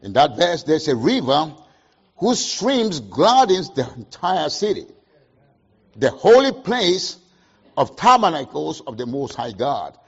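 A man preaching a sermon, asking the congregation questions and answering them, with sharp swings between loud emphasis and quiet asides. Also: fairly high pitch, sing-song, takes it slowly, husky, dull audio. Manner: call-and-response questions, emphatic swings in loudness.

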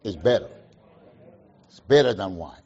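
Man, preacher, sermon, husky voice, slow delivery, dull lo-fi recording. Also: fairly low pitch, animated. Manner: call-and-response questions, emphatic swings in loudness.

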